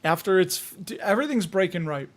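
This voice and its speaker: A man's voice: high-pitched, animated, fairly quick. A man from the Chicago area hosting a casual livestream, reading viewer comments in a jokey, rambling way with frequent chuckles.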